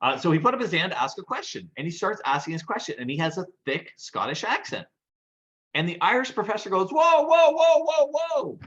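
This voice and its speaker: A man co-hosting a podcast and telling lively anecdotes in casual chat. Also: a little high, fast talker, highs cut off. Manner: animated anecdotal storyteller. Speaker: podcast co-host.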